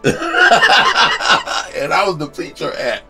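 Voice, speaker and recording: A man's voice: mid-range voice, huge pitch swings, a little slow, music in the background. A male comedian telling a story in a loose, profane, casual way, often laughing and saying "you know".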